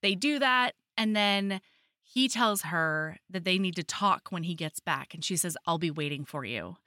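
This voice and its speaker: A woman's voice: fairly low pitch, moderate pace, no room sound, studio quality. A woman co-hosting a podcast, casually recapping a romance novel and acting out the characters' lines as she goes. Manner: animated retelling with quoted character lines. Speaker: podcast co-host. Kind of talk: casual book recap chat.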